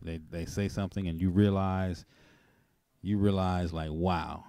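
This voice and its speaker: A man hosting a call-in show, telling a personal story in a rambling, animated way with chuckles. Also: low-pitched, unhurried, smooth, no echo, studio quality. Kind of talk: casual testimony on a call-in show.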